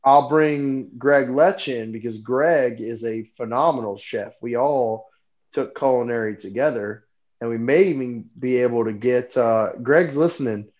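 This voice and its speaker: A man from North Carolina co-hosting a live podcast, loud and profane, talking over the others in casual banter. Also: mid-range voice, a little slow, muffled recording. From North Carolina, USA. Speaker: podcast co-host.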